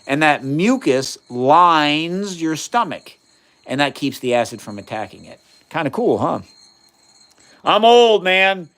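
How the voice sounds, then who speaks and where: A man's voice: a little high, animated, measured pace, fairly bright tone. A man in his fifties hosting a casual livestream, doing chemistry experiments and answering viewers' questions with enthusiasm. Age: 50s. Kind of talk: casual live-stream chat while doing experiments.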